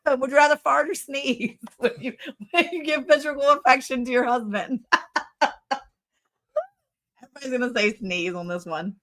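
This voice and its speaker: A woman's voice: high voice, normal speed, pauses often, a bit bright. A middle-aged woman co-hosting a casual livestream, giggling often and reading viewer comments aloud. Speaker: livestream co-host.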